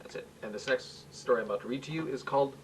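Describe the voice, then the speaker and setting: A man reads his own writing aloud in a plain manner, stumbling and restarting now and then. His voice sits at an ordinary male pitch. The recording is distant, with a faint hiss underneath. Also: fast. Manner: plain reading with slips and restarts. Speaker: amateur writer reading his own work. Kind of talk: home-recorded reading aloud. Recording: faint hiss, mic far off.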